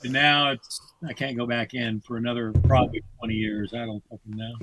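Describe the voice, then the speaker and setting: A man's voice: mid-range voice, big pitch swings, a little fast, vocal fry, background noise. A man guesting on a podcast, telling stories bluntly with plenty of swearing in casual conversation. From United States. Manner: profane, blunt storytelling.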